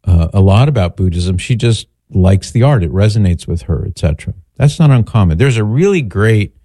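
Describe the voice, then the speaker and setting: A man's voice: fairly low pitch, animated, a little fast, mellow, dry recording. A man hosting a talk show, answering a listener's question in a chatty, digressive, storytelling way. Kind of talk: casual radio-style chat.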